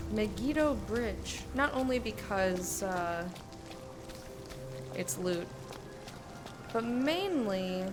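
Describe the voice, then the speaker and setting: A young woman casually commenting on her gameplay, chatty, swearing and humming along. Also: medium pitch. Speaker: gamer streamer. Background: game music.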